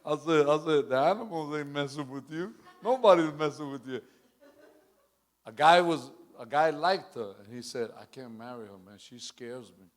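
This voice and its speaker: A man's voice: a little high, normal speed. A man preaching a sermon through a long personal story, in a casual street-style way, often tacking on "man" and chuckling between lines.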